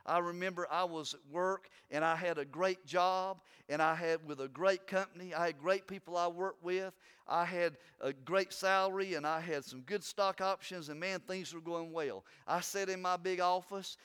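A man preaching a sermon, swinging between loud urging and hushed, earnest talk. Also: sits high, clean tone.

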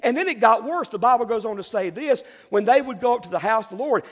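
A male pastor, preaching a sermon with emphatic delivery and dramatic pauses. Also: sits high, lively intonation, in a large hall.

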